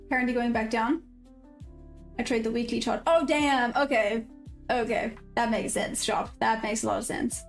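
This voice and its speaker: A woman's voice: on the high side, steady tone, moderate pace, faint music behind. A South African woman trading live on stream, chatting casually and answering viewers' messages. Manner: chatty, reads chat aloud and answers viewers. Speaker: livestream day trader.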